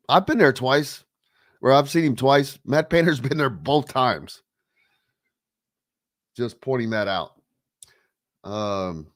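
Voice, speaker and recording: A man hosts a casual sports talk radio show, rambling loosely, using plenty of filler words, and reading listener comments aloud. His voice is mid-range, and the studio-quality recording has no room sound.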